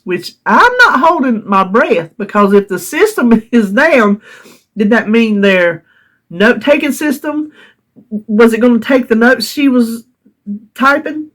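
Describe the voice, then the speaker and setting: A woman's voice: fairly high pitch, unhurried. Laughing Southern woman telling a story. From North Carolina. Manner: animated, laughs often while telling a frustrating story. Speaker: vlogger. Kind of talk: casual storytelling vlog.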